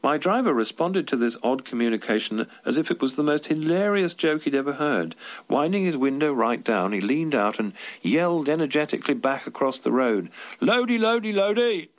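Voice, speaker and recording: A man reading his own devotional story aloud, wry and expressive. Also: medium pitch, a little fast.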